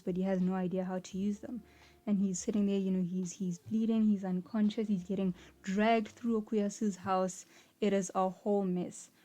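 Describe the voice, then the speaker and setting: Casting: young adult woman, warm low-key tone, chatty video essayist who acts out the scenes she describes. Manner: animated, acts out quoted characters, frequent "like" and "right?". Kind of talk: casual commentary.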